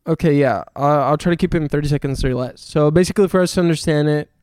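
Animated young man telling a story. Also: on the high side, quick pace, smooth, no room sound. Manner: animated storytelling, swearing, laughing. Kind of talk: casual podcast chat.

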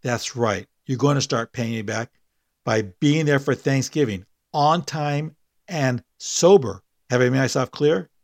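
A man's voice: mid-range voice, a little slow, no room sound, studio quality, lightly acted. A man reading aloud the lines of a bossy older sister who scolds her brother. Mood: stern. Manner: insistent, clipped, talks over others. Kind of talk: read-aloud story dialogue.

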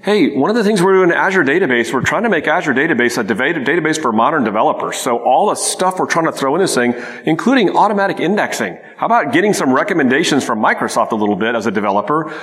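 A man answering questions on a conference panel, energetic and talkative. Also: on the high side, fast talker, few pauses. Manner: energetic, talkative, laughs often. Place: conference hall. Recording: reverberant conference hall.

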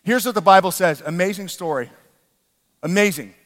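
High-voiced male pastor in a reverberant hall. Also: normal speed. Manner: animated, often shouting. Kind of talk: sermon.

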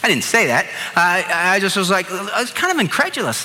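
A middle-aged man preaches a sermon in a church sanctuary, his voice high and bright. He swings all over his range, acting out the people in his stories. Long reverb trails behind his words. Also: normal speed, hardly any pauses. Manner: animated storytelling with acted-out quotes. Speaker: pastor.

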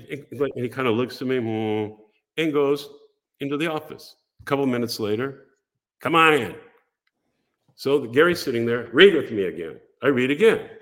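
An older American man, a podcast guest telling a story in a casual, animated way and acting out the voices of people he quotes. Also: medium pitch.

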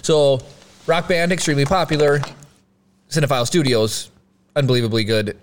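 A man's voice: medium pitch, lively intonation, normal speed, slight background noise. A man hosting a casual livestream, playful and laughing a lot with his co-hosts. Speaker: host.

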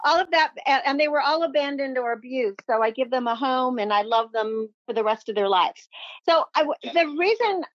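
High, bubbly woman on a dull line. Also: expressive, brisk, no echo. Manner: effusive and upbeat, motivational. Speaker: podcast guest, motivational speaker. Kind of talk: enthusiastic interview talk. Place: home office library. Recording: dull, lo-fi sound.

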